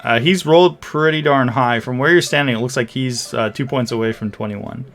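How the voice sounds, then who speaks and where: A man narrating as game master for a tabletop game, speaking in a relaxed, hesitant way with many fillers. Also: medium pitch, a little fast, faint music behind. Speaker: dungeon master.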